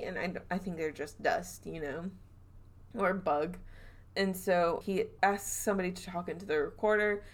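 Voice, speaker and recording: Southern lady podcast host, lowish voice, chatty and animated, acts out the quotes. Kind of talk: casual storytelling chat.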